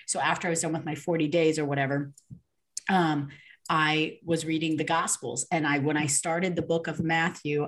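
Low-voiced woman telling a lively story. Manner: animated, with fillers and reenacted dialogue. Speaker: podcast guest. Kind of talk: casual storytelling testimony.

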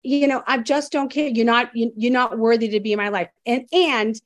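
A woman's voice: fairly high pitch, normal speed, dry recording. A woman guest telling her story in a candid, emphatic, blunt way, often restarting her sentences.

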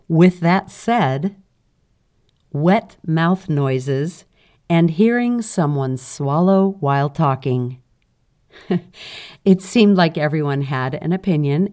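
A woman hosts a solo podcast from a studio. Her voice sits low and sounds mellow and relaxed. She talks conversationally and reads listener comments aloud with playful emphasis. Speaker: podcast host and voice coach.

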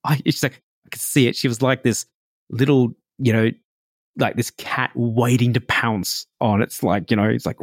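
A man hosting a podcast, telling a personal story in a relaxed, reflective way, full of "like" and "you know". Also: medium pitch, a little slow, no room sound, studio quality. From Australia. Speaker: podcast host.

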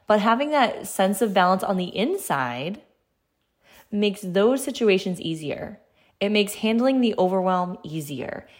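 A woman's voice: mid-range voice, very animated, measured pace, darkish tone. A woman in her thirties hosting a casual solo podcast, talking in a chatty, conversational way, laughing lightly now and then. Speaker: podcast host.

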